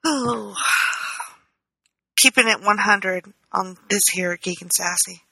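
A woman's voice: mid-range voice, slow pace, gravelly, bright, forceful tone, slightly rough, poor audio. A woman co-hosting a podcast in casual chat, joking, using slang and laughing often. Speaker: podcast co-host.

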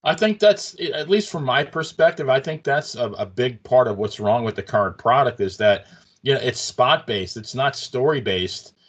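A man in casual conversation, calmly giving his opinion. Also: medium pitch, moderate pace, slightly rough, lo-fi sound. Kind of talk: casual chat.

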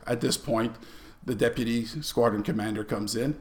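Middle-aged guy spinning a yarn on a podcast, normal pitch, gets animated then goes quiet. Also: normal speed. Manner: animated, acts out the people in his stories, drops to quiet asides. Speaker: podcast guest. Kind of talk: casual storytelling.

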